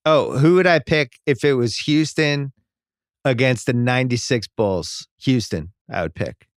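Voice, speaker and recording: A male podcast host talking sports in a casual, joking way, firm in his opinions and quick to restart a thought. His voice sits in a middle pitch and is recorded dry and close on a studio mic. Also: dry recording.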